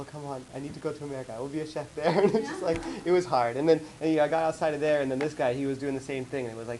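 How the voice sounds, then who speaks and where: A man giving a casual slideshow talk to colleagues, rambling and animated as he tells stories. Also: medium pitch, slight background noise, low-quality recording. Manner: rambling, animated storytelling with acted-out quotes. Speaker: presenter. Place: office meeting room.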